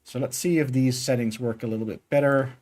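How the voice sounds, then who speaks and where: During a casual live coding stream of his game project, this man talks fairly quickly in a steady, mid-range, darkish voice. He muses aloud conversationally, peppering his speech with fillers.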